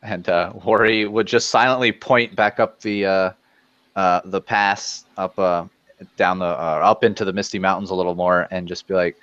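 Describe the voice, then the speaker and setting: A man's voice: low voice, fairly even intonation, normal speed, a bit bright, clear, resonant tone, no echo, lo-fi sound. A man playing a tabletop game, describing his character in a rambling, filler-heavy way. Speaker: player. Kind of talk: casual tabletop play.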